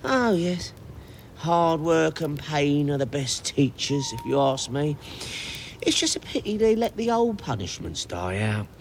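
This is a spiteful old school caretaker from a storybook reading, done by a man. He sneers and gloats at the children with open relish. His pitch lurches wildly from high to low. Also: sing-song, unhurried, creaky, a little hiss or hum, heavily acted. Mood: gloating.

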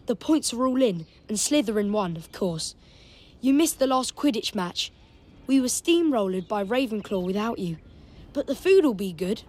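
A woman's voice: mid-range voice, lively intonation, moderate pace, darkish tone, lightly acted. A woman voicing an earnest, loyal young schoolboy who talks eagerly. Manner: eager, earnest boyish talk.

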